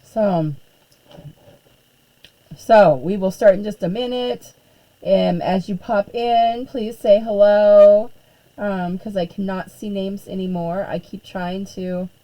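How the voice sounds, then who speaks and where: Hoarse, chatty woman with a low-key tone. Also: fairly even intonation, takes it slowly, dark tone, poor audio. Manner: chatty, frequent throat clearing and fillers. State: losing her voice, hoarse. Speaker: art teacher hosting a live stream. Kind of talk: casual live-stream chat.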